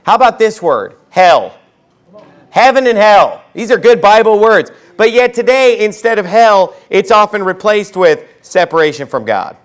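A man preaching a fiery sermon as pastor, swinging from low asides to shouted outbursts and slowing down to stress quotes from scripture. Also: animated.

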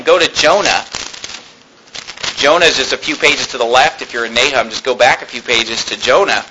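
A man preaching a sermon, reading scripture slowly and emphatically, with quick, low asides. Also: pushed and bright, slight background noise, low-quality recording.

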